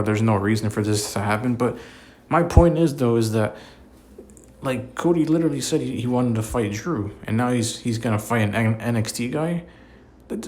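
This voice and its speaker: A man in the middle of an exasperated solo rant, circling back over the same point with filler words and blunt cursing. His voice sits at an ordinary middle pitch, casual and unscripted, like someone venting straight to camera. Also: a little mellow, slight background noise. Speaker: wrestling commentator.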